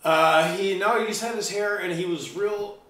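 Animated storytelling man in an echoey room. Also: high voice, normal speed, distant mic, crowd noise. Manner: animated, loose, swears freely. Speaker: guest musician. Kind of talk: casual storytelling chat.

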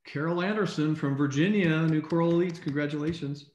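A man co-hosting a live online recognition event, reading out names in an upbeat way and often clearing his throat, speaking over a video call. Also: on the high side, brisk, darkish tone, slight background noise. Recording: echoey room on a video call.

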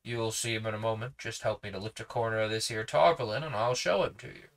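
A storybook reader voicing a gruff, rude middle-aged policeman who speaks sarcastically. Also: mid-range voice, fairly even intonation, fast, close to an everyday voice. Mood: sarcastic. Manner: sarcastic, mumbling.

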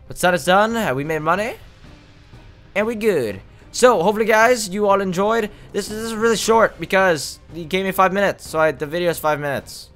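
A man's voice: a little high, a bit bright. A young man rambling and joking through casual game commentary with lots of fillers, out of breath. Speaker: gaming video host.

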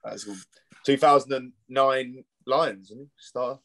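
A man with a mid-pitched voice chats casually on a podcast panel. He talks hesitantly, trailing off and leaning on fillers as he thinks aloud. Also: unhurried, a bit bright. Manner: hesitant, filler-heavy guessing. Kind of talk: casual chat.

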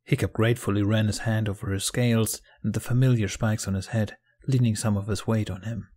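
A man narrating a fan fiction audiobook in a calm, even storytelling manner. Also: lowish voice, a little fast.

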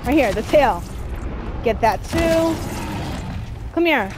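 A woman giving excitable let's-play commentary while gaming, squealing and cheering through the fights. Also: high-pitched, slow pace, noisy background. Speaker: gamer playing a video game. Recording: game music playing behind the voice.

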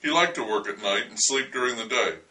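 A man's voice: medium pitch, fairly quick, pushed and bright, recorded from a distance, poor audio. A man telling a memoir story with wry, dry humor.

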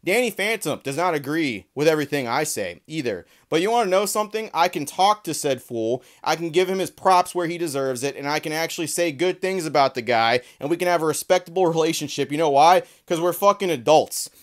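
A man's voice: a little high, animated, brisk, hardly any pauses. Heated, profane man ranting. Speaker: trading card commentary creator. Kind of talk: ranting commentary vlog.

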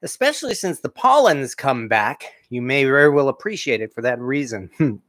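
A chatty man hosting a home cooking livestream, chuckling often and reading viewer comments aloud. His voice sits at an ordinary middle pitch, and it is recorded close and dry with no room echo. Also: sing-song, moderate pace, fairly bright tone. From New England, USA. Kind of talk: casual live-stream chat while tasting food.

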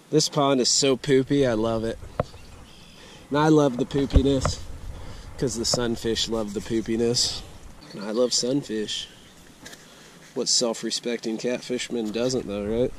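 A man's voice: mid-range voice, a little hiss or hum. A man hosting a casual fishing vlog outdoors, talking in an easygoing, self-amused way. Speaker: fishing channel host. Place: outdoors at a pond and at home with a bait tank.

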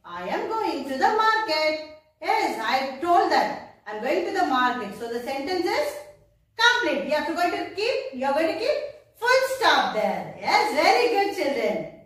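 Indian lady teacher, really high voice, slow and singsongy, sounds far off in an echoey room. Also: sing-song, fairly bright tone. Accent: Indian English. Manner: slow, sing-song teacher talk, spelling words out letter by letter. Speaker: primary school English teacher. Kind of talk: recorded online class.

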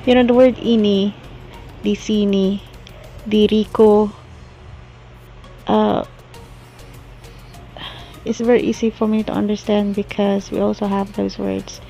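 A Filipino woman vlogging as she learns new words, slowly thinking aloud and sounding them out. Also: mid-range voice, flat delivery, gravelly, mellow, soft background music, rough recording. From Philippines. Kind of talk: casual language-learning vlog.

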